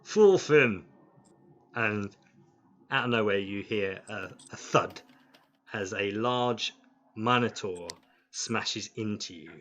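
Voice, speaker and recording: Man running a d and d game, slow and hesitant, lots of ums, bright voice. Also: on the low side, fairly even intonation, lo-fi sound. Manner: unhurried, hesitant, many fillers. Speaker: game master. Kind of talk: narrating a tabletop game.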